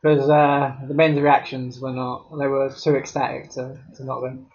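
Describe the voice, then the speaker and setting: A man's voice: mid-range voice, little pitch movement, normal speed. A young man co-hosting a casual podcast, trading crude jokes and banter. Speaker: podcast co-host. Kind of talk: casual chat. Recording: dull sound with faint noise.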